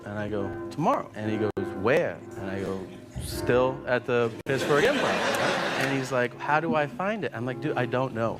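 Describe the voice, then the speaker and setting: A male comedian telling a story on stage, acting out both sides of a conversation. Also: mid-range voice. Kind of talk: storytelling stand-up.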